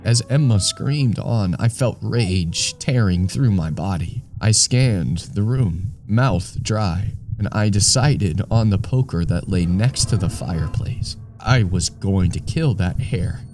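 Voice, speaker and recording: A man reading a scripted first-person horror story in a deliberate, ominous way. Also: lowish voice, darkish tone, a little hiss or hum.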